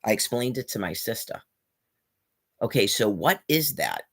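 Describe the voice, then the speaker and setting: A woman's voice: extremely low pitch, big pitch swings, moderate pace, breathy edge. A woman vlogging in an agitated, rambling rant, reading out old text messages between her own comments.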